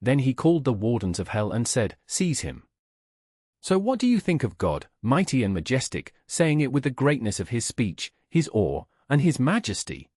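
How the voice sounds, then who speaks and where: A man narrating an audiobook in a solemn, measured reading voice, voicing the quoted speakers as he goes. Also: medium pitch, very animated, a little mellow, breathy edge, dry recording, clean studio sound.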